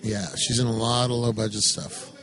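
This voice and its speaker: A man's voice: medium pitch, little pitch movement, normal speed, fairly bright tone, faint music behind, poor audio. Wisecracking podcast co-host in his forties. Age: 40s. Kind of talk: casual banter.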